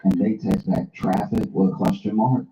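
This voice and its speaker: A man hosting a casual talk, telling a funny story in a dry, deadpan way. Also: fairly low pitch, normal speed. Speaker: host. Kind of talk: comic storytelling. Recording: roomy, slightly dull recording.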